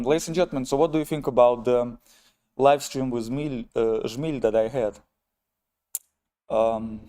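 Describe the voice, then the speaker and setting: A man with a strong Russian accent hosts a relaxed live stream, addressing his viewers as ladies and gentlemen. His voice is mellow and warm, and he sits in the middle range for pitch. He talks in a wry, self-mocking way. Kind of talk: casual live-stream chat, reading viewer comments.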